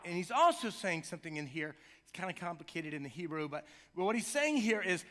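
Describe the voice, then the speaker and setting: A middle-aged male pastor with a high, ringing, bright voice preaches in a church. His delivery is conversational and playful, with quick asides to the congregation, and it swells into impassioned pleading. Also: sing-song. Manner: conversational, jokey asides, rising to impassioned cries. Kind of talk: sermon. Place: church sanctuary.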